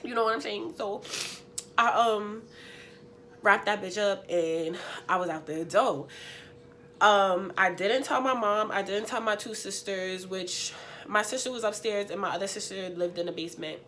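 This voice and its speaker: A young woman vlogger, sniffly and unwell, telling a story in an animated, slangy, emphatic way. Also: medium pitch, normal speed, a little hiss or hum. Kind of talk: story time.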